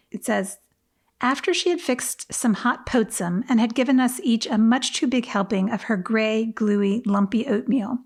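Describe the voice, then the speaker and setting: Woman book-podcast co-host, slightly high voice, animated and quick to laugh, casual chat. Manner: animated, laughs often, reads passages aloud.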